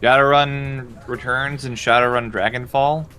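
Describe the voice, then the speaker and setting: A man's voice: mid-range voice, fairly even intonation, measured pace, bright, forceful tone, faint music behind. A man chatting in voice chat, matter-of-fact, chiming in with details. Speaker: friend in voice chat. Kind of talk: casual chat.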